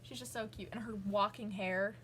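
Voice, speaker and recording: A woman's voice: medium pitch, steady tone, normal speed, a bit bright, slight background noise. A young woman, rambling casually as a vlogger with lots of fillers and asides. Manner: rambling, gushing, many fillers. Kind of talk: casual chat.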